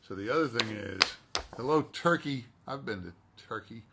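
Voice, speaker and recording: A man's voice: mid-range voice, expressive, normal speed, heavy background noise. A male voice actor chatting casually while signing autographs and talking to himself as he works.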